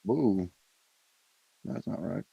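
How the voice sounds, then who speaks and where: A man's voice: sits low, lively intonation, extremely slow, gravelly, husky, no echo. A man chatting loosely as a player over online voice chat, rambling with fillers. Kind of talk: casual game chat. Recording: dull dry voice-chat mic.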